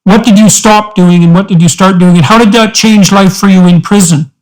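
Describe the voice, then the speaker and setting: A man hosting a podcast, asking his guest questions in a measured, deliberate way. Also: high voice, fairly even intonation, rough recording. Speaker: podcast host. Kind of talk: interview questions.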